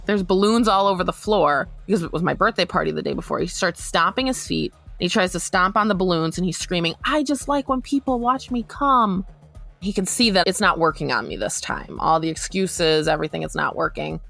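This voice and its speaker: A young woman giving an earnest, measured personal account on a podcast, growing urgent at times. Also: on the low side, vocal fry, a bit bright, soft background music. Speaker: interviewee recounting her experience.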